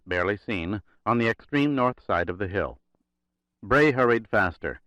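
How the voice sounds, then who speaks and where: Low-voiced male audiobook narrator. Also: a bit bright, no room sound. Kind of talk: scripted thriller narration. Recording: dry, slightly dull recording.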